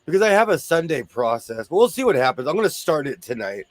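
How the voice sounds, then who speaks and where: A man's voice: fairly high pitch, sing-song, quick pace, dry recording. A man hosting a casual chat, joking around while losing his voice. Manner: chatty, joking asides. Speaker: host.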